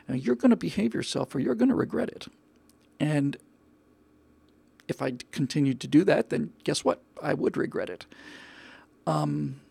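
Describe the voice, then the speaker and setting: A man hosting a podcast, delivering a forceful, sarcastic opinion monologue. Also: fairly high pitch, gravelly, breathy edge, dry recording. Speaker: podcast host.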